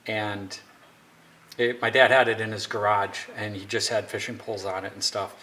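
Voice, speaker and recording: A man's voice: fairly low pitch, little pitch movement, normal speed, bright, forceful tone. A young man casually explaining a DIY woodworking project, rambling a bit and joking at his own expense. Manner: rambling, self-deprecating joking. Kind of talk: casual how-to narration. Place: home workshop. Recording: noisy workshop recording. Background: workshop noise, sanding and clicks.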